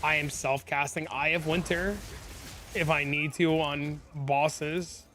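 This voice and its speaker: Bright-voiced young man venting on stream. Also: a little high, steady tone, takes it slowly, faint music behind. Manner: rambling, heavy use of "like", exasperated venting. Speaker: game streamer. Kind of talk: casual live-stream chat.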